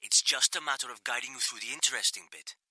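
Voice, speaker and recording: A male narrator voicing a Welsh naval engineer who calmly coaches someone through disarming a device over a radio line. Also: medium pitch, slightly rough, no room sound, voice pushed up, poor audio. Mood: coaching. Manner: steady, coaching, rushed under pressure. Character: Welsh male bomb-disposal engineer, calm guide.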